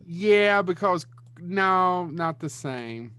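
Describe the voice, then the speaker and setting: This male podcast co-host talks about movies in a loose, rambling way, cursing and losing track of names. His pitch is high and his delivery animated, with drawn-out words and a bright, forceful, clear and resonant tone.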